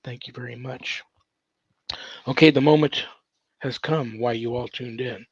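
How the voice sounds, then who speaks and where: A man's voice: medium pitch, fairly even intonation, measured pace, slightly rough, no echo. A man hosting a casual podcast interview, talking in a rambling, chatty way with many fillers. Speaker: podcast host. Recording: dull, dry podcast recording.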